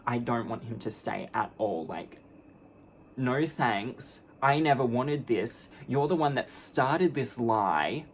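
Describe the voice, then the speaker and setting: A woman's voice: a bass voice, expressive, slow pace, a little hiss or hum. A young adult woman telling a story on her vlog, candid, blunt and sarcastic, mocking the people in it with put-on voices. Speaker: vlogger.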